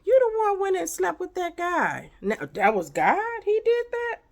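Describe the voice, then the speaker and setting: A woman's voice: very high-pitched, big pitch swings, measured pace, hardly any pauses. A woman giving a casual spiritual pep talk to camera, emphatic and preachy, full of rhetorical questions. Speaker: motivational vlogger.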